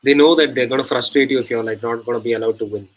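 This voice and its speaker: A man's voice: mid-range voice, steady tone, rapid-fire, poor audio. A man co-hosting a cricket watch-along, chatting casually, telling stories with a laugh and swearing freely. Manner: laughing, swears, tells anecdotes. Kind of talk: casual live-stream chat and commentary.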